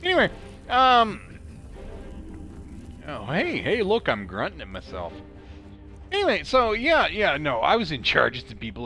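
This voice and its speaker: A man's voice: fairly high pitch, huge pitch swings, normal speed, vocal fry, long pauses, sharp tone, faint music behind. A man with a drawling Idaho accent chatting loosely as he plays a game, rambling and laughing often with a snarky, self-mocking tone. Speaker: gamer commentating his play. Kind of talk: casual gameplay commentary with storytelling.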